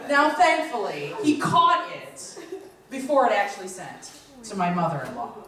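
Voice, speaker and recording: A woman's voice: medium pitch, huge pitch swings, normal speed, pushed and bright. A woman in her thirties performing live stand-up comedy, telling chatty stories and acting out what people said. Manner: chatty storytelling, acting out quotes. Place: lounge stage. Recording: very echoey room, distant mic.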